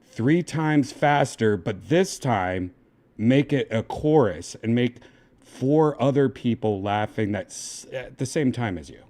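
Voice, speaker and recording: A man hosting a casual livestream, coaxing and giving step-by-step instructions in a relaxed, chatty way. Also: medium pitch, slow. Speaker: livestream host.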